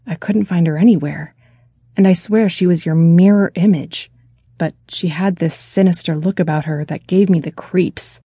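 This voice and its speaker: A man's voice: high voice, normal speed, warm tone, breathy edge, dry recording. A woman narrator voicing a worried young man who is calling his sister from abroad, speaking urgently and earnestly in an audiobook. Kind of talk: audiobook character voice.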